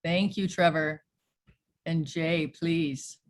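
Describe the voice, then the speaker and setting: A woman's voice: low voice, fairly even intonation, slow. A woman pastor leading an online church service over a video call, speaking earnestly and giving thanks to supporters. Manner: earnest, preacherly, thanks people by name.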